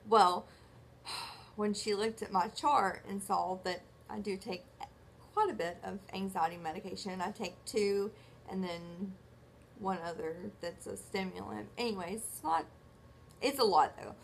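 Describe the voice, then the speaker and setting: A woman's voice: mid-range voice, measured pace, creaky. Brief: woman vlogger, chatty rambling storyteller, mid-range voice, faint background hiss. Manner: chatty, rambling storyteller who acts out quoted dialogue; self-correcting, filler-heavy. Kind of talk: casual chat.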